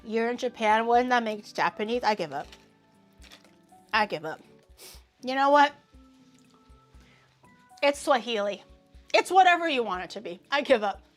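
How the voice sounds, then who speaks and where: A woman hosting a casual livestream, talking to chat in an animated, ranting way and swearing freely. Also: a little high, normal speed, pauses often, faint music behind. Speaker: livestream host.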